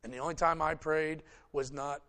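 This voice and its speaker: Folksy pastor, a man with a slightly high voice. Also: steady tone, moderate pace, pushed and bright. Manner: folksy, joking, speaks to the congregation directly. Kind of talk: conversational sermon.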